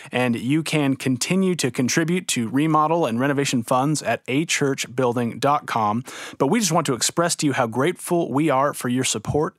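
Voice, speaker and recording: A male pastor giving an earnest, conversational sermon with a prayer, pausing on fillers and restarting phrases. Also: medium pitch, fairly bright tone. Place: church. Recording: reverberant church hall.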